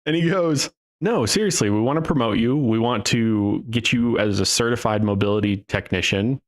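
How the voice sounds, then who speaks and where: A young man with a fairly low voice tells a story casually to his podcast audience. He is animated and acts out the lines of the people in his story. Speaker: podcast host. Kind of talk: casual storytelling to a live chat.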